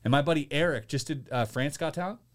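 A man's voice: on the high side, quick pace. A man telling a story in casual podcast chat, acting out the people he quotes. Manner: animated storyteller, acts out quotes. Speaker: podcast guest.

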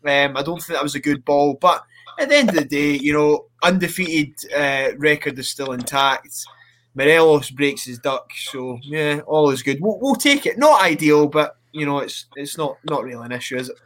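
Man, bright, slightly high voice, rambling guest storyteller on a call. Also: animated, moderate pace. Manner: storytelling, lots of restarts, laughs often. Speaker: guest wrestler. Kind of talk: casual podcast chat. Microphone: video call.

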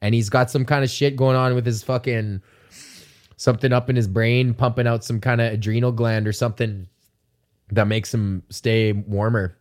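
A man's voice: mid-range voice, level tone, normal speed, a little mellow. Rambling, profane male podcast host. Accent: Canadian. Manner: rambling, profane, joking, with many fillers. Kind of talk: casual solo rant.

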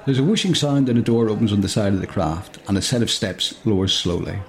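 Man, storyteller, jokey, laughs a lot, lively swinging pitch. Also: fast. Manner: jokey, laughs often, digresses. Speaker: storyteller and podcast host. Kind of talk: reading a comic story aloud with banter.

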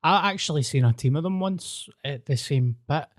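A man's voice: fairly high pitch, lively intonation, normal speed, no room sound, clean studio sound. A Glaswegian man chatting on a podcast, mostly chiming in with short, blunt agreeing remarks. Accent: Glaswegian Scottish. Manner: brief agreeing interjections, blunt. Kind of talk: casual chat.

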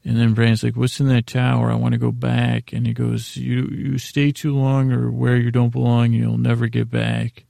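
Gravelly low-key man recapping a show. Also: monotone, moderate pace, few pauses, dark tone, dry recording. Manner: rambling, paraphrases scenes loosely with fillers. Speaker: podcast host recapping an episode. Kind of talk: casual episode recap.

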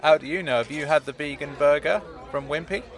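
Dry, deadpan young man hosting. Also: brisk, some chatter behind. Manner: dry, low-key and exasperated. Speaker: podcast host and narrator. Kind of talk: deadpan comedy narration and sketch.

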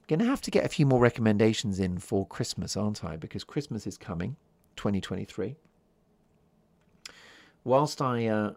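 Soft-spoken man with a gravelly low voice. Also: no echo. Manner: soft-spoken, chatty, drifts into whispers. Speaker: podcast host. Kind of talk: calm solo podcast monologue.

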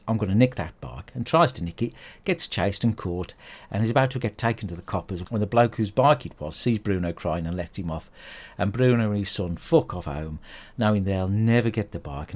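British bloke swearing his way through a grumpy film review, kinda low voice. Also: darkish tone. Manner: crude, sweary, grumbling rant. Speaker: podcast host. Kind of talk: comic film review monologue.

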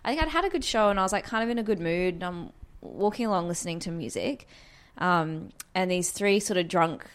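A woman's voice: lowish voice, lively intonation, fairly quick, smooth. A woman comedian, chatting casually and swearing freely as she tells a story. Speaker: comedian guest. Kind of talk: casual chat.

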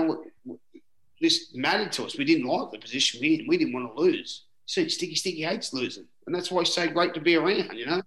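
A middle-aged Australian man with a fairly high, bright, forceful voice spins loose, rambling yarns as a guest. He leans on "you know" and drops the occasional swear. The sound bounces around a roomy, echoing space. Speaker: former rugby league player, guest. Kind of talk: casual interview storytelling.

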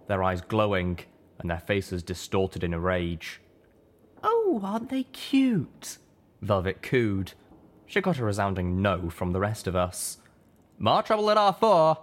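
A man narrating an audiobook in a measured, steady reading voice. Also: low-pitched. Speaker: audiobook reader.

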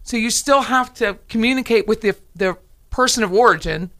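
A woman hosting a casual chat, telling stories in a lively way and acting out phone calls. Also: a little high, moderate pace. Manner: animated storyteller, acts out calls. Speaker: host, realtor.

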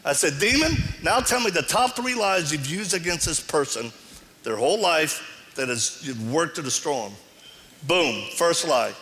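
A man's voice: a little high, fairly quick. A middle-aged man preaching a sermon to a live audience, telling stories and acting out the dialogue with animation. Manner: animated storytelling, acts out dialogue. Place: large hall before an audience. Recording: reverberant hall.

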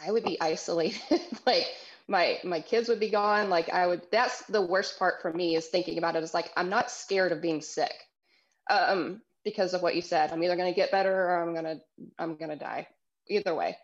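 A woman's voice: fairly low pitch, steady tone, moderate pace, muffled recording. A woman co-hosting a casual chat, thoughtful and rambling, saying "like" often. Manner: thoughtful, rambling, many likes.

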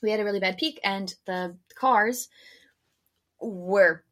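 A young woman co-hosting a casual podcast, telling a work story with lively voices for the customers. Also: takes it slowly. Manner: animated storyteller, acts out customers with big pitch jumps. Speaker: podcast co-host.

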